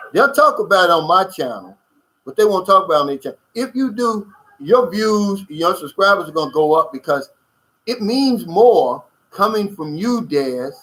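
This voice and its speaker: A man's voice: sits high, a bit bright, rough recording. A man hosting a casual livestream, reading out viewer comments and giving blunt, emphatic opinions and addressing listeners as "man.".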